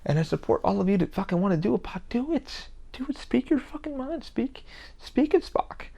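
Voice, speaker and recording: A man's voice: very high-pitched, very animated, fairly quick, gravelly, warm tone. A man hosting his own podcast, talking in a heated, rambling monologue with constant swearing. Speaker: podcast host. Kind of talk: casual monologue.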